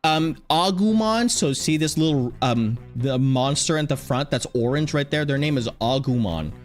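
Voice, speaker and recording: A man's voice: mid-range voice, lively intonation, moderate pace, faint music behind. A man streamer chatting casually and rambling, often restarting his sentences. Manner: rambling, with many restarts and fillers. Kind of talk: casual chat.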